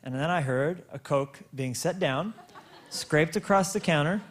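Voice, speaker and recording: A slightly high-voiced pastor stammering through a story. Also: male voice. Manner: storytelling with frequent stammered restarts and repeated words; slows down and stretches words for emphasis. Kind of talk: sermon.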